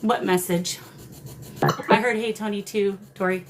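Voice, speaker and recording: A woman hosting a live paranormal spirit session, coaxing the spirits and greeting her viewers in a warm, emotional way. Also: medium pitch, fairly even intonation, a little slow, a crowd in the background. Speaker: paranormal livestream host.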